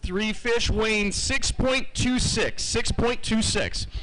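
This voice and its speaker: This announcer's voice sits high and he takes his time, with background noise audible around him. He's emceeing a live outdoor fishing tournament weigh-in, cheerful and talkative, announcing every weight two times.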